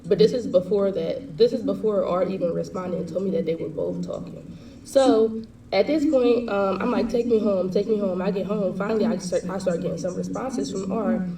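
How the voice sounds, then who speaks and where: A woman's voice: medium pitch, warm tone, slight background noise. A young woman vlogger telling a personal story in a casual, heated, slang-heavy way. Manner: heated, fast slangy retelling. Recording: echoey room, distant mic.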